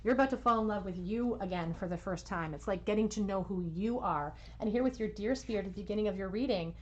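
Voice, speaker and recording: Gentle woman giving a tarot reading. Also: mid-range voice, quick pace, few pauses, muffled recording, a little hiss or hum. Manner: gentle, soothing, reassuring talk with soft laughs. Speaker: tarot reader. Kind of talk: pick-a-card tarot reading.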